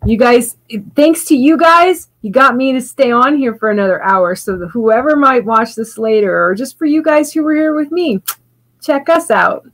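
A woman from Louisiana, a spoken-word poet, rambling warmly through a casual livestream sign-off with frequent restarts and laughter. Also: medium pitch, rough recording. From Louisiana, US South.

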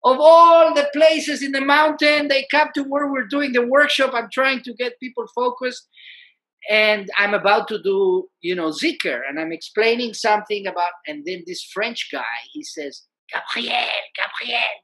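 With an extremely high pitch at normal speed, a guest who is both musician and peace activist tells a story in an animated, conversational manner, often repeating "you know."

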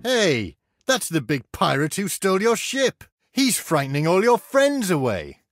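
A man's voice: high-pitched, huge pitch swings, a little slow, music in the background. A man narrating a children's educational game in a cheerful, encouraging way, speaking to the child. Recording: noisy game audio.

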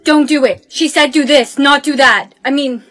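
A high-voiced young woman acts out short comedy skits. She plays them dramatic and whiny, mocking one moment and shrieking the next. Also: fairly even intonation, normal speed, a bit bright, dry recording, rough recording. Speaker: skit creator. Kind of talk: comic POV skit acting.

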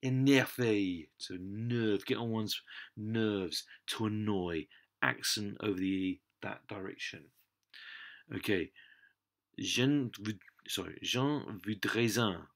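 A man's voice: on the low side, takes it slowly. Chatty man teaching a language lesson. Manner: chatty, explains with asides and self-corrections. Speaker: French teacher. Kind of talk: talking through a worksheet in a lesson video.

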